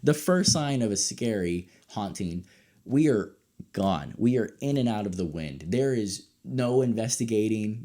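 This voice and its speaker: A young man hosting his own show, reviewing a series in a casual, excitable way that swings from low mutters to loud outbursts. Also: measured pace. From United States. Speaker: podcast host reviewing a show.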